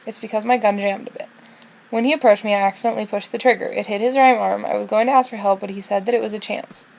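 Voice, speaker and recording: A woman reading the lines of a grumpy, foul-mouthed young Italian man in a game, gruff and brusque, with a gravelly edge. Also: mid-range voice, fairly even intonation, fast talker, close to an everyday voice. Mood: grumbling.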